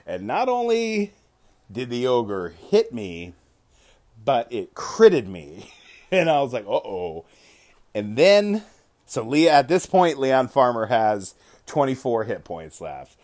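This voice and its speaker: A man's voice: mid-range voice, very animated, slow, darkish tone. A man hosting a podcast, casually retelling a tabletop game session, swearing freely and often correcting himself mid-sentence. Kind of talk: casual storytelling.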